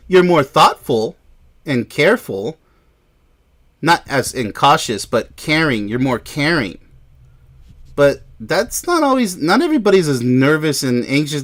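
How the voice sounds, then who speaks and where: A man giving a sarcastic, exasperated reaction commentary while reading an article aloud, with frequent incredulous exclamations. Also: a little high. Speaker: relationship commentator.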